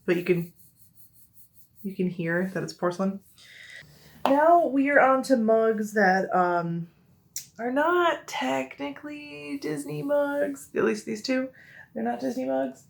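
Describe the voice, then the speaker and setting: A young woman with an American Midwest accent casually shows off her mug collection, rambling with lots of fillers and self-corrections. Her high voice is slow and gravelly, with lively intonation and frequent pauses.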